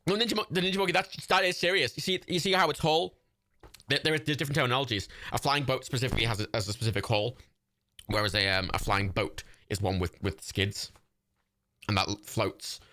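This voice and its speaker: This time the same livestream host speaks fast in a mid-range voice with fairly level intonation and a sharp edge. He keeps up casual, meandering watch-party commentary, cursing freely and laughing often.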